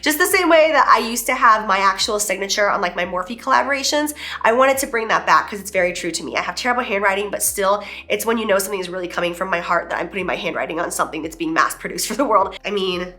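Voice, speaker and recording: A woman's voice: mid-range voice, fast, few pauses, sharp tone. A woman in her thirties presenting her makeup collection in a casual, gushing and emphatic way. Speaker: beauty vlogger and brand owner.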